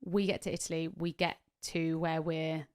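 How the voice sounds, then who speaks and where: A woman co-hosting a podcast in casual chat, telling a story with lively energy, swearing freely and acting out what people said. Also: deep voice, moderate pace, clear, resonant tone. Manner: animated storyteller, swears freely, acts out quotes. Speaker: podcast co-host.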